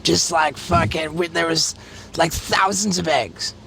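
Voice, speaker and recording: A man's voice: fairly high pitch, fairly even intonation, measured pace, creaky, bright, forceful tone, a little hiss or hum. A man in his fifties hosting a podcast, telling a rambling, profane story and laughing as he goes. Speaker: podcast host. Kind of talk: casual storytelling.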